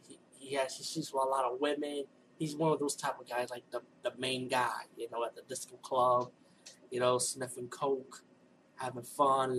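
A man's voice: mid-range voice, a bit bright, a little hiss or hum, poor audio. A man giving a loose, rambling spoken review of a horror movie, talking casually with lots of restarts.

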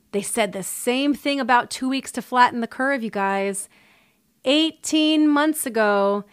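Sarcastic, indignant woman. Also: a little high. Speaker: commentator. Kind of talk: opinion commentary.

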